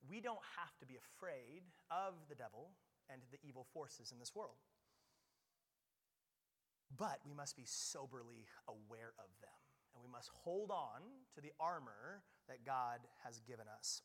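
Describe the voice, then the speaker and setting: A man preaching a sermon as pastor, energetic and firing questions at the congregation. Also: on the high side, unhurried. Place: church hall. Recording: reverberant church hall.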